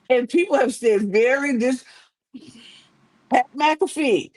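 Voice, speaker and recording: A woman's voice: high-pitched, poor audio. A woman co-hosting a podcast, ranting emphatically and indignantly in casual chat, repeating phrases for effect. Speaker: podcast co-host. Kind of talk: heated casual recap rant.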